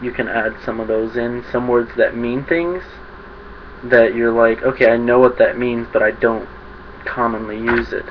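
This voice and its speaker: A young man rambling to the camera in a casual vlog, self-conscious and quick to laugh at his own slips. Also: mid-range voice, steady tone. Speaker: vlogger. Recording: dull lo-fi webcam audio with faint hiss.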